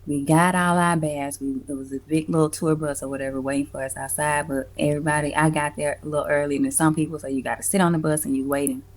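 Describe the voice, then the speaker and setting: A woman talking about her music events in a casual, expressive interview, slangy and swearing freely. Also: low-pitched, quick pace, few pauses. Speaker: music event curator, guest.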